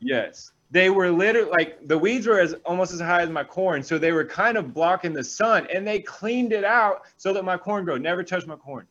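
A man, a pastor, reading scripture aloud and breaking off into energetic, animated stories with quick asides. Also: sits high, muffled recording. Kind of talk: reading scripture and preaching in a talk show.

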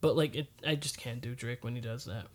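A man co-hosting a podcast, chatting casually with relaxed restarts and fillers. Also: mid-range voice, a little fast. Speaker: podcast co-host. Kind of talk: casual chat.

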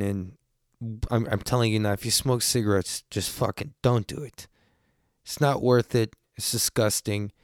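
A man hosting his own podcast, talking through a long story in a loose and profane way. His voice sits at an ordinary middle pitch. The sound is dry and close, with no room echo. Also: clear, resonant tone. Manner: animated when quoting others. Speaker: podcast host. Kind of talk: casual storytelling.

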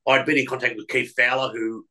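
A man's voice: medium pitch, little pitch movement, brisk, sharp tone, low-quality recording. A middle-aged man, a radio presenter, telling stories from his career in a rambling way, with many restarts and fillers. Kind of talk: casual storytelling interview.

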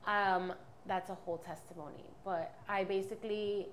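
A woman's voice: medium pitch, steady tone, normal speed, slight background noise. A woman in her twenties giving a candid, rambling personal testimony as a podcast guest. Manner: candid, rambling, many fillers and restarts.

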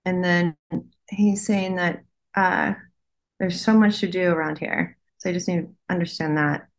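A woman's voice: lowish voice, steady tone, unhurried. Hesitant woman relaying messages. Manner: hesitant, breaks off to listen. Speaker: psychic medium. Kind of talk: casual conversation.

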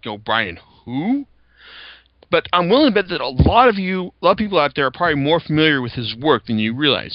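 A man's voice: mid-range voice, no echo, highs cut off. A young man hosting a podcast, chatting casually about comics with lots of fillers and restarts. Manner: rambling, many fillers and restarts. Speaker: podcast host.

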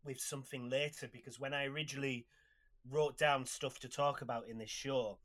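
A man's voice: medium pitch, fairly even intonation, fairly quick, a bit bright. A man co-hosting a comedy podcast, rambling and self-deprecating in casual chat. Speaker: podcast co-host.

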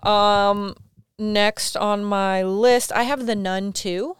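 A chatty woman co-host talks easily about what she thinks, with a teasing edge. She has a mid-pitched voice that is smooth and very clear. The recording is close and dry. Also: steady tone, slow, no room sound. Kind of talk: casual chat.

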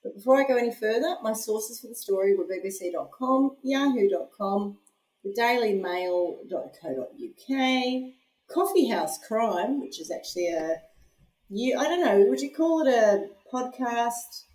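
A woman's voice: on the high side, animated, moderate pace, darkish tone. A woman hosting a podcast, chatty and laughing, rambling through asides, a little hungover. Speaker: podcast host and storyteller. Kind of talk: casual chat. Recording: echoey room.

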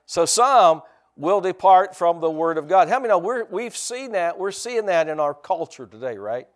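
Male pastor, emphatic call-and-response sermon, a touch higher voice than most men, drags out key words. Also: lively intonation. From United States. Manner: emphatic, call-and-response preaching with repeated phrases; slows down to stress key words.

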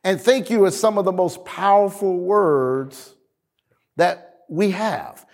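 A man preaching as a pastor, slowing for emphasis and acting out family scenes. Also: high-pitched, gravelly. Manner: lively preaching, slows for emphasis, acts out family dialogue. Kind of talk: sermon.

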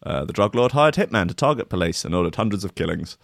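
A man's voice: sits low, animated, quick pace, creaky, no echo, studio quality. A man hosting a show, reading out a news story and mocking it with sarcastic, swearing asides. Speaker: radio show host. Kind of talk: casual comedic news chat.

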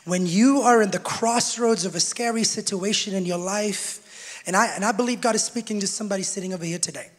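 A high-pitched male preacher delivering a church sermon, his voice ringing through a long hall reverb. He surges into shouted calls and then drops into quiet, measured teaching, joking with the congregation in between. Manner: jokes with the congregation. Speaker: pastor.

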